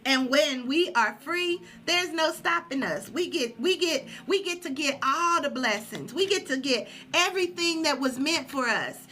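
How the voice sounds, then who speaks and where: A woman's voice: sits high, lively intonation, a little slow, few pauses, sharp tone. A woman hosting a live stream with an inspirational spiritual talk, emphatic and preachy, repeating her phrases for effect. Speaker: livestream host.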